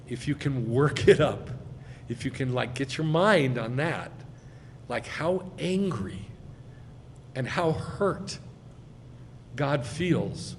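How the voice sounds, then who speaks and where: A man giving a sermon as a rabbi, speaking with emphasis and swelling loud on key phrases. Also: mid-range voice, vocal fry, in a large hall, slight background noise. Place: congregation sanctuary.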